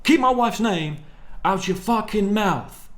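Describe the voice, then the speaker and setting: Brief: a man doing an angry man yelling high and strained, well above his own voice. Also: slow, full character voice. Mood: furious. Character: furious man shouting a warning, strained and high.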